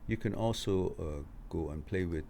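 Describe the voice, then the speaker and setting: With a deep, creaky, mellow voice at a moderate pace, a man runs a live stream where he reads viewer questions from the chat and answers them loosely, laughing now and then. A little hiss or hum sits under the recording.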